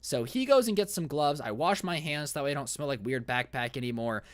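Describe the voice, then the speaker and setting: A young man in his twenties telling a storytime vlog in a casual, animated way with dramatic asides. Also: fairly high pitch, fairly quick, no room sound. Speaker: YouTube storyteller.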